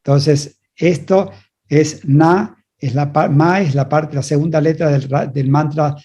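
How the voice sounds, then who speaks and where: Male interpreter, fairly high voice, mellow tone, short relayed phrases. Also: fairly even intonation, a little fast. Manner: relays each passage in short phrases, restarting now and then. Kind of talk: consecutive interpretation of a spiritual talk.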